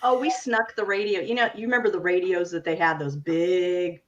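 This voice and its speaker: A woman in her fifties co-hosting a casual chat, groping for names and telling lively anecdotes. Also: on the low side, moderate pace. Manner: searching for words, lively anecdotes. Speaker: co-host. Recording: slightly dull recording.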